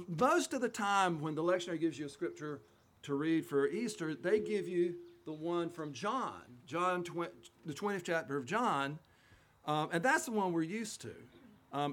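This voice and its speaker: A man's voice: sits high, a bit bright, slight background noise. A man preaching a conversational Easter sermon as a pastor, retelling scripture in a folksy, chatty way.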